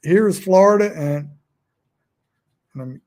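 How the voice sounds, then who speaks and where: A middle-aged man with a Northern US accent talks casually into his phone at home. His voice sits a little high and sounds warm and mellow. He meanders and restarts his sentences, poking fun at himself as he goes. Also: takes it slowly. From Delaware, USA. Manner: meandering, self-deprecating, frequent restarts. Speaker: outdoors vlogger. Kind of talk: casual rambling talk to camera. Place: at home indoors. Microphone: phone front camera.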